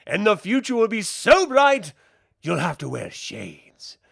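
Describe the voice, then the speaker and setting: A man voicing a commanding princess who speaks to a starving crowd in a higher, grand mock-regal voice. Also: huge pitch swings, slow, creaky, fairly bright tone, breathy edge, no room sound, studio quality, full character voice.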